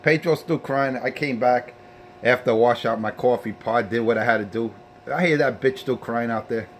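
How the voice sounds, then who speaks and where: A man's voice: medium pitch, moderate pace, a little hiss or hum. A man hosting his own CB radio show, taunting rivals and preaching in a boastful way. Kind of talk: trash-talking radio sign-off.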